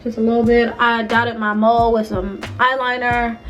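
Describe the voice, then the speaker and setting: A woman's voice: on the high side, flat delivery, normal speed, lo-fi sound. A young woman in her twenties chatting playfully through a casual makeup tutorial, talking straight to her viewers. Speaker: beauty vlogger. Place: bedroom at home. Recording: distant mic with music behind.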